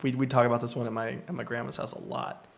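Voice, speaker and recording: A man, a podcast guest, telling a story in casual chat, animated, laughing and acting out quotes. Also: medium pitch, quick pace, creaky.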